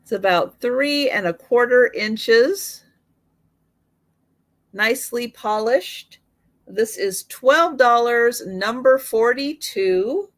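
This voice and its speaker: Woman slowly reading off prices at a home live sale, voice a little worn, kinda high pitched. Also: lively intonation. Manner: slow, item-by-item pricing with fillers. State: slightly losing her voice.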